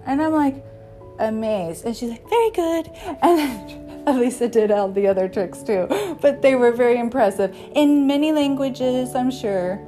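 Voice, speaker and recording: A woman with a fairly high voice hosts an episode, rambling chattily through her stories. She chuckles along as she goes. Soft music plays faintly behind her. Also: normal speed. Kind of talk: casual storytelling.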